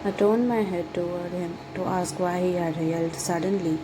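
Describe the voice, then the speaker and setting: A woman reading a first-person romance story aloud in a dramatic, lovestruck manner, over steady background noise. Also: on the low side, normal speed. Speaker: fan fiction reader.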